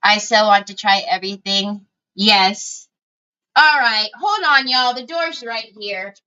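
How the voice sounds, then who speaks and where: A woman's voice: mid-range voice, slow pace, sharp tone, clear, resonant tone, highs cut off. A woman hosting a casual crafting livestream, chatting to viewers and calling out to her family as she works. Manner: chatty, breaks off to call to family.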